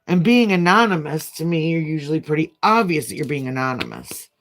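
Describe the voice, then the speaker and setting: A woman's voice: sits low, sing-song, fairly quick. A woman chatting casually as a nail vlogger while she does her nails, telling a long, frank, rambling story.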